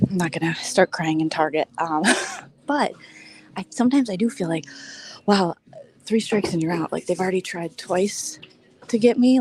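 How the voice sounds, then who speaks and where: Woman in her 40s from minnesota, chatty live vlog, half whispering while she shops, slightly low voice. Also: a little hiss or hum. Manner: chatty, often hushed to a near whisper. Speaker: vlogger host. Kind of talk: casual live-stream chat. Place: big store, indoors.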